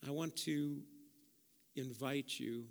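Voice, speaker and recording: A man preaching a sermon as pastor, impassioned and building to loud peaks, then turning soft and prayerful in an altar call. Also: mid-range voice, fairly even intonation, takes it slowly, vocal fry. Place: church sanctuary with long reverb. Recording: reverberant church hall.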